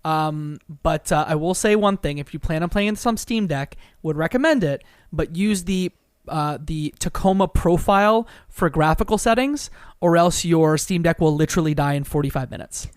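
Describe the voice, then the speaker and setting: A man's voice: on the high side, moderate pace, clean tone, no echo, studio quality. A man co-hosting a casual game podcast, rambling with a lot of "like" fillers. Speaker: podcast co-host. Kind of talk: casual chat about a video game.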